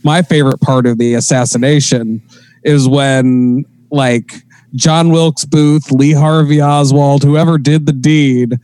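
A man, a comedian chatting casually about his own jokes, swearing and acting out quick voices as he tells them. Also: medium pitch, low-quality recording. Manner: animated, acts out voices mid-story, laughs often, swears. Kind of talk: casual podcast chat.

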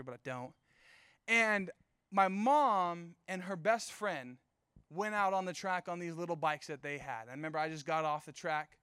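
Young guy youth pastor, high clear voice, dry close sound, chatty storytelling sermon. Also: bright, forceful tone, dry recording. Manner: casual, storytelling with playful asides.

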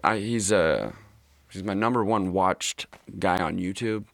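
Young man, deep fry-edged voice, relaxed candid talker, dry studio sound. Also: a little slow, no room sound. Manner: laid-back, candid, swears freely, drawling. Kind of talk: casual chat.

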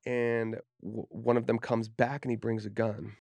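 A man's voice: medium pitch, flat delivery, a little slow, gravelly, darkish tone, no echo. A man from Utah, a tattoo artist guest on a podcast, telling his story in a candid, profane, casual way and acting out what people said. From Utah, USA. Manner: candid, profane, acts out quoted speech.

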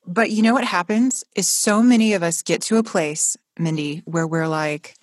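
A woman hosting a faith podcast speaks with fervent, encouraging conviction, almost like a preacher. Her voice sits fairly low, and the recording is close and dry. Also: moderate pace, dry recording. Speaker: podcast host. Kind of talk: faith-based podcast conversation.

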